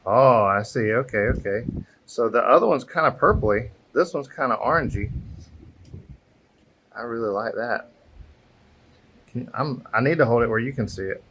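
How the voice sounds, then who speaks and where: A man's voice: mid-range voice, lively intonation, normal speed, long pauses, fairly bright tone, slight background noise. Chatty man teaching a craft outdoors. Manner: chatty, encouraging, thinks aloud. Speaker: airbrush artist teaching a craft. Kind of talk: casual craft tutorial. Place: outdoor patio, windy. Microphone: camera microphone.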